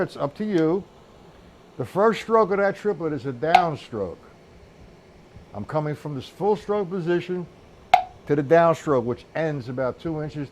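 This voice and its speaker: A man talks through a live-streamed drum lesson in a loose, conversational way, stopping often to count beats aloud. His voice sits a little high for a man. Steady clicking noise comes through behind him. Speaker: drum teacher.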